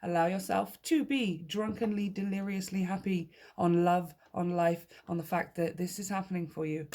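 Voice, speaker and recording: A woman's voice: on the low side, mellow. A woman giving a casual tarot reading to her viewers, upbeat and encouraging, often laughing and repeating key phrases for emphasis. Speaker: tarot reader.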